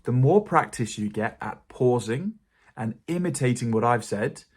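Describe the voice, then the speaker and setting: Husky British RP male English teacher. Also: medium pitch, unhurried. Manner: calm, encouraging explanation to learners. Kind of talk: pronunciation lesson.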